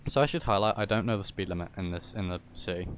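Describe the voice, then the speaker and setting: A man's voice: deep voice, fast talker, slight background noise. A man streaming a game live, chatting casually with friends, teasing and swearing offhandedly.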